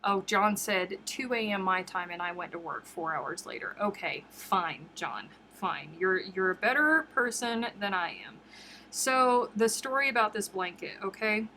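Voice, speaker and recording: Woman chatting on her crochet livestream, middle pitch, rambly and laughy, repeats herself, slight room hum. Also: expressive, a little slow, sharp tone. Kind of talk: casual live-stream chat.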